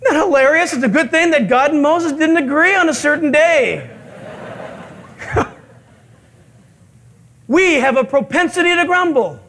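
A male pastor preaching a sermon, telling stories with animated acted-out quotes and chuckles. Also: very high voice.

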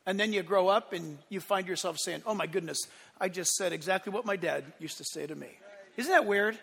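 A male pastor delivers a sermon with a high, bright, forceful voice. He rises into emphatic bursts and drops to quiet asides. The sound carries the long reverb of a church hall. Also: a little fast, gravelly.

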